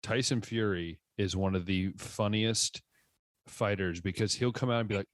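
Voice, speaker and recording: A man's voice: on the low side, normal speed, no room sound. A man co-hosting a sports podcast in casual chat, frank and opinionated, often cutting in with his own takes.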